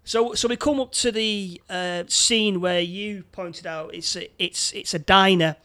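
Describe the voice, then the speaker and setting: Guy, kinda high voice, stumbly and repeating himself a lot while recapping a movie. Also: fairly even intonation, bright, forceful tone. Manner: halting, lots of repeated words and fillers. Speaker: podcast co-host. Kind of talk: casual film review chat.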